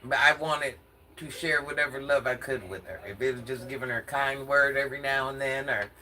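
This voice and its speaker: A woman's voice: rumbling low, fairly quick, bright, forceful tone, slight background noise. An older woman from Atlanta ranting casually in a sassy, confrontational vlog, often laughing as she talks. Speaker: social media commentator.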